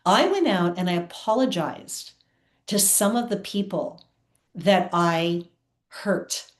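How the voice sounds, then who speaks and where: A woman's voice: lowish voice, takes it slowly. A woman guest on an interview show, telling personal stories in an earnest, heartfelt way. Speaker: guest, theatre producer. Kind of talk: candid personal storytelling. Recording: roomy echo.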